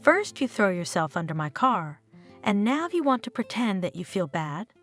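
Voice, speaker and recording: A woman's voice: mid-range voice, very animated, normal speed, faint music behind. A woman reading the lines of an irritable, short-tempered foreign woman tourist in a storybook narration. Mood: irritated.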